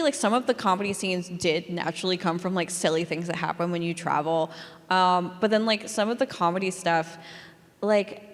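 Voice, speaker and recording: An author guest chatting loosely in a live interview, laughing often and full of fillers. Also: female voice, medium pitch, a bit bright. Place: library hall before a live audience. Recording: long reverb of a large hall.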